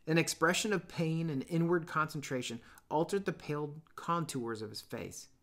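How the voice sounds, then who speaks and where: A male teacher reading a novel aloud to his students in an expressive, measured storytelling manner. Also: medium pitch.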